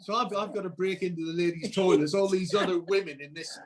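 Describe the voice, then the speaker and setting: A middle-aged man, telling a lively story as a guest and acting out what people said. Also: high voice, quick pace, a crowd in the background. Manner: animated, acts out quotes loudly. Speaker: musician guest, husband. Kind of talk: casual storytelling.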